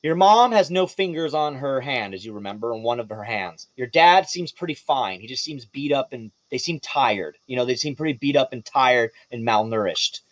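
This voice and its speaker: A man as game master running a tabletop game, lively and profane. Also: medium pitch, normal speed, few pauses, no room sound.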